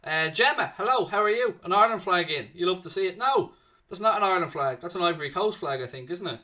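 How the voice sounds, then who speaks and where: Fast and high-pitched, a young watchalong host delivers excitable, chatty play-by-play for fans live. In between plays he talks with viewers and reads their chat messages out loud.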